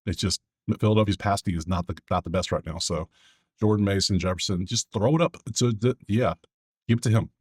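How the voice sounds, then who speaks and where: A man's voice: fairly low pitch, breathy edge. A man hosting his own sports betting video, talking loosely to himself as he clicks through stats. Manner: loose, chatty, talks to himself, quick asides. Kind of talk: casual solo commentary over a screen.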